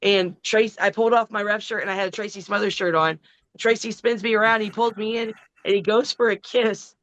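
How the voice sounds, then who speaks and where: A middle-aged woman, a wrestler, telling a long story in a casual, profane, animated way. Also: medium pitch, fairly quick, no room sound, dull audio. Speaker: wrestling guest.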